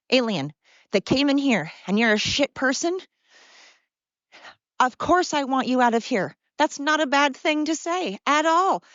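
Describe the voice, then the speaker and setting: This middle-aged woman's voice sits high with a fairly bright tone as she rants on her podcast during a cold outdoor walk, breathless, profane, blunt and sarcastic all the way. There is no echo, and the lo-fi audio sounds dull, dry and close.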